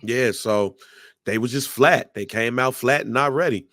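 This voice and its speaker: A man's voice: medium pitch, measured pace, a bit bright, dry recording, clean studio sound. A man co-hosting a casual sports podcast, giving blunt, emphatic opinions. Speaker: podcast co-host.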